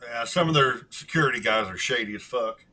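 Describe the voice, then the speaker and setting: A man's voice: medium pitch, a little fast, pushed and bright, slight background noise. A man telling a crude joke in a folksy, profane way during a casual live chat.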